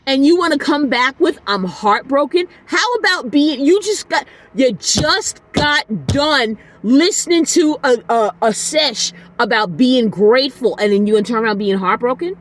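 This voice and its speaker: A woman's voice: sits high, normal speed, hardly any pauses. A woman hosting a solo podcast, ranting bluntly and with exasperation, swearing now and then. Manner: soft, tired sign-off. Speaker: podcast host.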